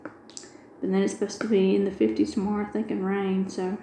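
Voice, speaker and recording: A woman's voice: medium pitch, flat delivery, a little fast, dark tone, roomy sound, a little hiss or hum, low-quality recording. A middle-aged woman, chatting casually and retelling a long everyday story with quoted dialogue. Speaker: craft video host. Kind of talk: casual chat while diamond painting.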